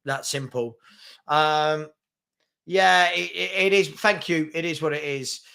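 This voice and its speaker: A man hosts a live football stream in a casual, chatty way. His voice sits a bit higher than most men's. He trips over words with fillers and stammered restarts, and he snaps back sharply at rude commenters. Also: creaky, clean tone. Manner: chatty and animated, quick to call out rude commenters. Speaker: host of a daily football chat stream.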